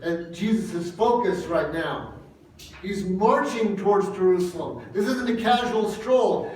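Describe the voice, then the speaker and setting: A man's voice: high voice, a little hiss or hum. A man preaching a sermon as pastor, earnest and emphatic, repeating phrases for weight. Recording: echoey room from a distance.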